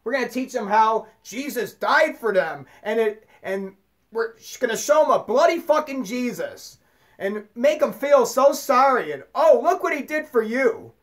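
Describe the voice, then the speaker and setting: A man's voice: very high-pitched, expressive, unhurried, a bit bright. A man in an angry unscripted monologue, swearing constantly and stumbling over repeated words as he rants. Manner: profane, stammering ranting. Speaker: vlogger.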